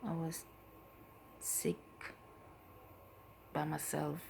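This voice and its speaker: Soft-spoken woman with a creaky voice. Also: on the low side, slight background noise. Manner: soft, halting and emotional, often trailing off. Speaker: mother telling her story. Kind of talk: personal testimony.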